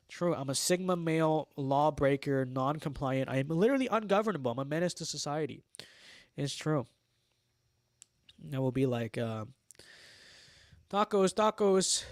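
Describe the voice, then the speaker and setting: A man's voice: a little high, no room sound, studio quality. A young man from Los Angeles hosting a casual livestream, reading chat messages aloud and answering them in a wry, sarcastic, mock-boastful way. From Los Angeles, United States.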